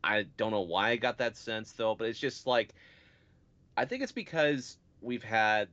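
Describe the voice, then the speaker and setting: A man with a very deep voice rambles through casual podcast chat, hedging nearly every phrase with "like" and "sort of". The sound is dull and lo-fi. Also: animated, unhurried, a bit bright. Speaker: podcast co-host.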